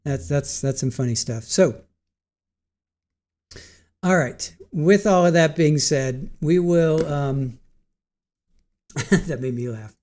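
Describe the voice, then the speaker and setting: A man's voice: fairly high pitch, slow, pauses often, a little mellow. Giggly, punch-drunk male stream host. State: tired after a long stream. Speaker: livestream host. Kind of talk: casual chat with live chat viewers.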